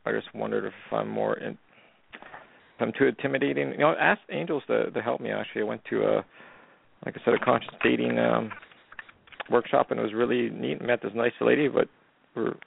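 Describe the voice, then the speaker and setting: A man from Canada calling a radio show, who speaks hesitantly and softly with many fillers. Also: medium pitch, fairly even intonation, a little fast, vocal fry, a little hiss or hum. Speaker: caller. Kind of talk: phone-in call. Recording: dry, tinny phone line.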